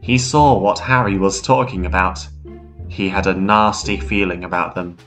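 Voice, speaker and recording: Man narrating, ghost story, low voice, measured, faint guitar music behind. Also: fairly even intonation, a bit bright.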